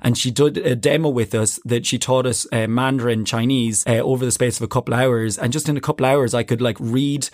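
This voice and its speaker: A man's voice: mid-range voice, fairly even intonation, brisk, few pauses, dry recording, studio quality. A man, a teacher and podcaster, talking enthusiastically about teaching and laughing easily. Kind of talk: conversational interview answers.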